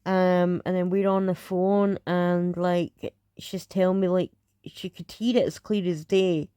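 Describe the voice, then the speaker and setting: Slow-talking Scottish woman, dry sound. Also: fairly low pitch, level tone, warm tone, clean tone, no room sound. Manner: hesitant, many fillers and restarts. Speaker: host reacting to videos. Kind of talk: casual reaction commentary.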